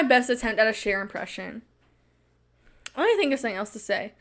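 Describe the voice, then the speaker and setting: A woman's voice: medium pitch, animated, fairly quick, a bit bright. A young woman hosting a podcast, telling a story in a casual monologue, dramatic and laughing often as she repeats phrases for emphasis. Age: young adult. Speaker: podcast host.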